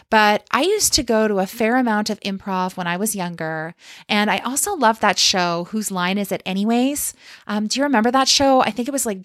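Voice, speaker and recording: A Canada-based life coach speaks directly to listeners on her solo podcast, encouraging and straightforward, often checking in with "okay?" and "right?" Her voice is mid-range, and the recording is dry and studio quality.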